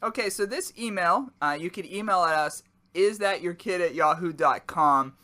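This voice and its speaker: A man's voice: sits high, lively intonation, moderate pace, bright, forceful tone. A man co-hosting a casual podcast, joking around and talking with his mouth full. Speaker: podcast co-host. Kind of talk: casual chat while eating.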